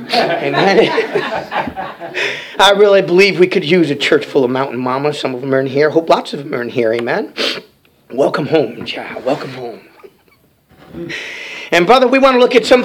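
A man preaching a sermon in a folksy way, often saying amen, calling listeners brother and breaking into song. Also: high voice. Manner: folksy, calls listeners brother, frequent amens, sings hymn-like lines. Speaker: pastor.

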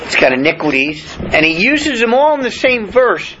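A male preacher teaches verse by verse. He reads the scripture aloud, then explains it in plain everyday words, stopping often on fillers and restarts. His voice sits fairly high and moves a lot, and it is heard through a dull lo-fi recording. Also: big pitch swings, normal speed, bright, forceful tone. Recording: dull lo-fi recording with faint noise.

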